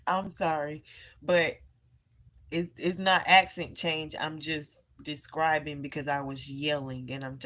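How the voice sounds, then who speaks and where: A woman chatting on a live stream from home, telling a personal story in an emphatic, animated way and addressing her viewers as y'all. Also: very deep voice. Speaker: live-streamer and tarot reader.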